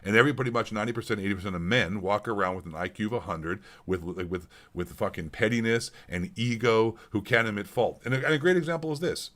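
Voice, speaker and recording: A man's voice: fairly low pitch, quick pace, few pauses, fairly bright tone. A middle-aged man streaming a heated, blunt monologue, swearing constantly and repeating himself. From Canada. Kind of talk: casual profane ranting monologue.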